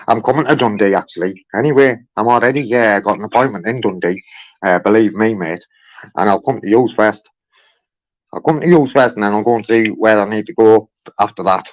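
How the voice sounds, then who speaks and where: A man's voice: fairly low pitch, a little fast, rough recording. A frustrated man complaining to a call centre on the phone from his car, repeating himself and calling the agent mate. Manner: frustrated, repetitive, keeps saying mate.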